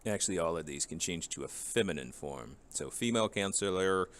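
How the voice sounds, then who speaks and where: A man's voice: deep voice, lively intonation, brisk, a bit bright. A man teaching a Spanish vocabulary lesson, reading each English word and then its Spanish match, and asking the class rhetorical questions.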